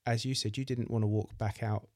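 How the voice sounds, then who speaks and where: A man's voice: on the low side, fairly even intonation, a little fast, mellow, dry recording, clean studio sound. A man hosting a podcast, talking supportively with his guest and repeating words as he gathers his thoughts. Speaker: podcast host. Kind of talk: casual interview chat.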